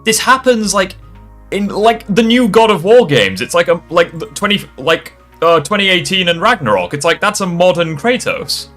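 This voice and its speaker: A man's voice: high-pitched, animated, normal speed, a bit bright, faint music behind. A young man reacting live to a video, sarcastic and exasperated, swearing often.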